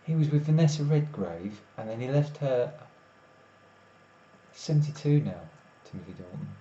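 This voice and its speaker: Tired guy rambling to his stream chat, mellow voice, echoey dull lo-fi room. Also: medium pitch, animated, normal speed. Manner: rambling, self-interrupting, chats with viewers. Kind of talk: casual live-stream chat. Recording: echoey room, dull lo-fi sound, faint noise.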